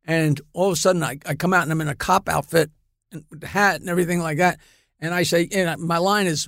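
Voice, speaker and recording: Gravelly high-voiced man telling stories. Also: rapid-fire, no room sound, studio quality. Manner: animated, laughs through punchlines. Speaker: guest comedian. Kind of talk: casual storytelling.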